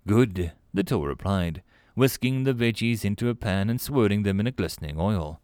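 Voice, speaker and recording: A man narrating sci-fi short stories in an expressive, animated audiobook style. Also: on the low side, brisk, smooth, no echo, studio quality.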